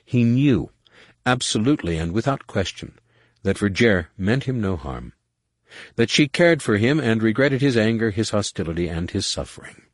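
A man with a lowish voice narrates an audiobook at a moderate pace in a steady, even storytelling manner. There is no room sound.

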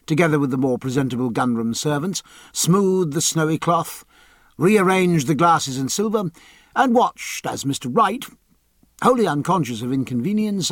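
Male narrator, husky voice, slightly high, dry close-mic sound. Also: no room sound. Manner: measured, storytelling. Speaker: audiobook narrator. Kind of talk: scripted narration.

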